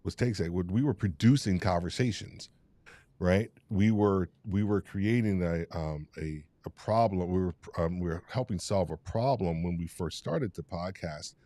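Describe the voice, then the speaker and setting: A man hosting a live podcast panel, talking in halting, repeated starts. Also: low-pitched, dark tone, no room sound. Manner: halting, restarts often, gets emotional and laughs. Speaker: host.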